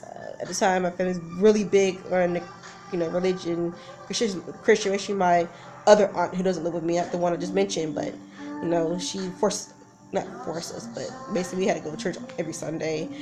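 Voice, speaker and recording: A woman in her twenties telling a personal story in a casual, rambling, emotional way, full of fillers and restarts. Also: fairly low pitch. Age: 20s. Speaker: vlogger.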